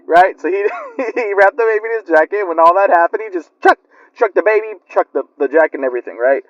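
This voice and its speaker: A man telling a spooky story in a rambling, chatty way with lots of fillers. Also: on the high side. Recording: lo-fi muffled recording.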